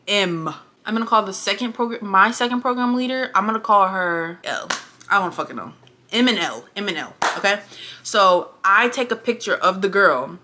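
A woman's voice: medium pitch, bright, forceful tone. A young woman telling a story to camera while getting ready, blunt, emphatic and full of swearing. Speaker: vlogger.

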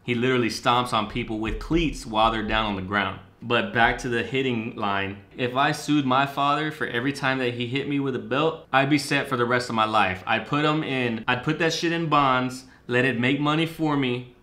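A man hosting a reaction video, excitedly and profanely breaking down rap lyrics line by line. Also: medium pitch, normal speed, few pauses. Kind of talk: casual commentary.

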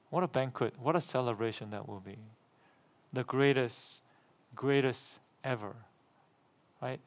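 Middle-aged man, pastor, sermon, emphatic, rhetorical questions, mid-pitched voice. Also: unhurried. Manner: emphatic, repeats phrases, asks the congregation rhetorical questions; gets louder and higher when reading scripture aloud.

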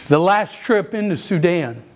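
An older man preaching a sermon, telling stories with lively energy and sudden shouts. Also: high-pitched, a little hiss or hum. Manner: animated storytelling, acts out children's voices, bursts into shouts. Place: church sanctuary.

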